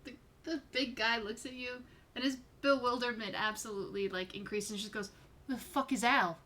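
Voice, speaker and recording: A woman's voice: a little high, fairly even intonation, a little fast, fairly bright tone, a little hiss or hum. A woman narrating as game master in an online tabletop game. She describes scenes informally and swears casually.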